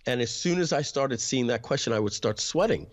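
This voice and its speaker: Man telling a personal story, halting. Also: mid-range voice, expressive. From Haitian family background. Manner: reflective, halting with restarts. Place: New York area.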